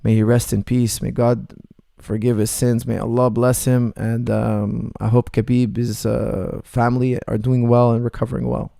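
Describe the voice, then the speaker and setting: Gravelly, blunt coach answering chat. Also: male voice, medium pitch, level tone, normal speed, warm tone, dry recording, clean studio sound. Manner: blunt, joking, laughs often. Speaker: martial arts coach hosting a Q&A. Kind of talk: casual livestream Q&A, reading chat messages.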